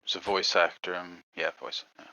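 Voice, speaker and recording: A teenage young man with a bright, sharp voice plays in a tabletop game over voice chat. He talks hesitantly and softly, often trailing off. The sound is dry and lo-fi. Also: sits low, level tone, normal speed, gravelly, dry recording. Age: late teens. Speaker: player.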